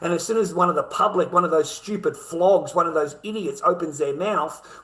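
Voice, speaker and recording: A man's voice: on the high side, normal speed, few pauses, sharp tone. A middle-aged man with an Australian accent, ranting in a sarcastic, mocking monologue full of swearing.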